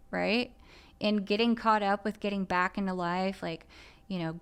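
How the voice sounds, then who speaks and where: Woman on a podcast, smooth clear voice, earnest and confessional, lots of "like" and "you know". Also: mid-range voice, a bit bright. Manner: earnest, confessional, with frequent filler phrases. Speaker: podcast speaker on recovery steps. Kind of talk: candid personal podcast talk.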